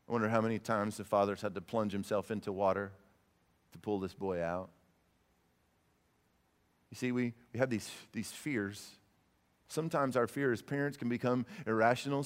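A man's voice: medium pitch, big-room sound. A male pastor preaching a sermon, earnest and emphatic, often repeating words as he presses a point. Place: church sanctuary.

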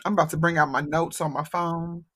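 A woman's voice: low-pitched, steady tone, a little fast, a bit bright, breathy edge. A woman hosting a podcast, talking frankly and casually, with some swearing. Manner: frank and plainspoken, with mild cursing. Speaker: podcast host.

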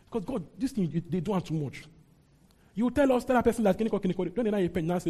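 Animated preacher, husky voice. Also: male voice, high-pitched, fast. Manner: animated, rising into mock outrage when voicing characters. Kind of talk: Bible teaching.

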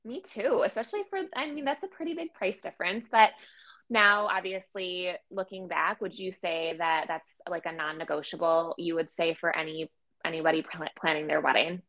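A woman hosting a podcast, asking questions in a soft, hesitant way. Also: lowish voice, normal speed. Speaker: podcast host. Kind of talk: casual interview chat.

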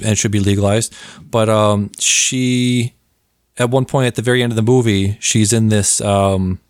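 A man hosting a casual podcast, excitable and rambling, laughing often and filling gaps with ums. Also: on the low side, no room sound, studio quality. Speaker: podcast host.

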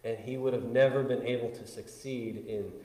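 A man pastor preaching a conversational sermon, swinging between loud bursts and hushed asides. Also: mid-range voice, fairly even intonation, normal speed. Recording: echoey hall with long reverb.

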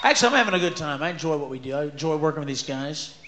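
A high-pitched male comedian rants through a stand-up set, swinging from muttered asides to full-throated screams. He curses freely and mimics other people in shrieking voices. The recording is roomy, with a live crowd and steady noise behind him. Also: very fast. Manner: loud ranting, bursts into screaming shouts; profane, mocking voices of others. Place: large live venue with audience.

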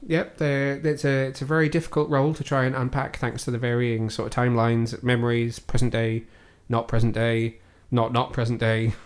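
Guy reviewing a movie on a home podcast, thinks out loud, restarts a lot. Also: mid-range voice, monotone, a little fast, hardly any pauses. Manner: thoughtful, hesitant restarts while weighing opinions. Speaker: podcast host. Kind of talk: casual film review chat. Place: at home, cat on the desk.

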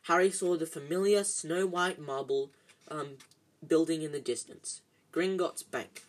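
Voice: medium pitch, measured pace, poor audio. A reader narrating a storybook in an amateur audiobook style, often stumbling and correcting themselves.

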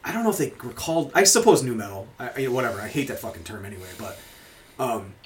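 A man in a loose, casual podcast chat who wanders through tangents, curses freely and laughs often. His pitch sits in the middle range for a man. There is a faint hiss of background noise under the recording. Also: lively intonation, fast talker. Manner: rambling, swearing, laughing often. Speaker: podcast host.

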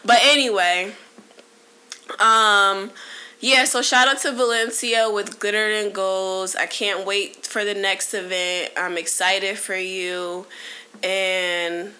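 A late-twenties woman running a solo podcast speaks slowly in a steady, sharp, mid-range voice. The talk is candid and rambling, casual and full of fillers and restarts, and she is briefly emotional.

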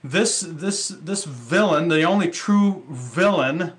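A man's voice: fairly high pitch, expressive, slow pace. A male pastor preaching a sermon in a conversational way, with rhetorical questions and casual asides.

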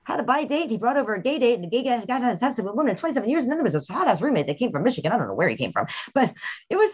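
A quick-talking woman with a fairly high, very lively voice, swooping up and down as she tells frank stories as a podcast host. The sound is a little dull and lo-fi. She laughs often and speeds through her anecdotes. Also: breathy edge. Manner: frank, animated storytelling with laughs. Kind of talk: casual chat.

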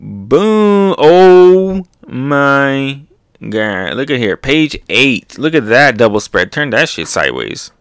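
A man's voice: fairly low pitch, moderate pace, hardly any pauses, no echo, studio quality. A man casually reading through a comic chapter, adding his own sound effects and laughing as he goes. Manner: animated, makes sound effects, laughs often. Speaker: manga reaction host.

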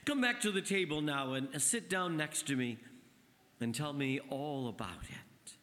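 A man voicing an elderly mother with dementia, gentle and loving, in a slow, tender storytelling delivery. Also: fairly high pitch, animated. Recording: long church reverb.

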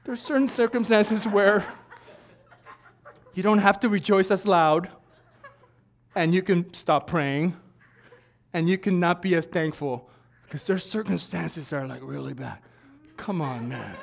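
A man preaching a sermon in a church, swinging from loud shouting to quiet joking asides with laughs. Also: sits high, measured pace, vocal fry, long pauses. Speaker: pastor.

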